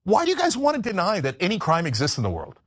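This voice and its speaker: Fast animated argumentative man. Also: high-pitched, no echo. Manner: forceful, argumentative. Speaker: political commentator in a played clip. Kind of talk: political commentary.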